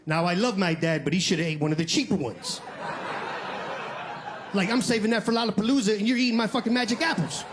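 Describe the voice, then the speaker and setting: A high-pitched man working a stand-up set, telling his story with big animated energy and jumping into other people's voices. He swears freely and keeps it loose and conversational. There is a clear wash of background noise under his voice. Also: fast talker. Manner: animated, acts out quoted voices, swears casually. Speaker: stand-up comedian.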